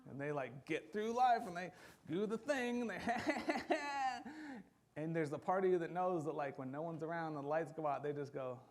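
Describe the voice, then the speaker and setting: Guy preaching at church, kinda high voice, chatty and animated, slips into little acted quotes. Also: creaky. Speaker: pastor. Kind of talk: sermon.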